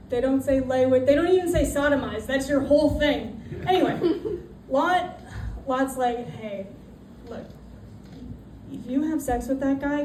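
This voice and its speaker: A woman's voice: sits high, a little mellow. Brash woman doing stand-up, roomy club sound. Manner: brash storytelling, acts out voices. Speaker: stand-up comedian. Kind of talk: stand-up comedy routine. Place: comedy club stage with audience. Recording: roomy, distant, noisy club audio.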